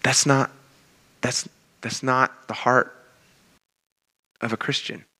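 A pastor preaching a sermon in a casual, conversational way that addresses the congregation directly. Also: male voice, mid-range voice, little pitch movement, slow pace, sharp tone. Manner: conversational, addresses the crowd as "you guys".

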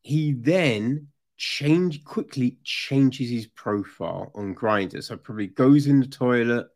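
A man giving casual, sarcastic true crime commentary, animated and full of swearing. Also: mid-range voice, takes it slowly.

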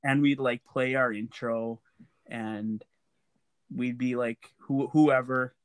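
Man, relaxed, chatty, lots of fillers, dry sound. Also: mid-range voice, slow pace, clear, resonant tone, no echo. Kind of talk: casual storytelling chat.

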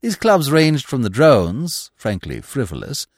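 A man narrating a classic story as an audiobook, with an expressive, wry storytelling delivery. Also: mid-range voice, measured pace, creaky, dry recording, studio quality.

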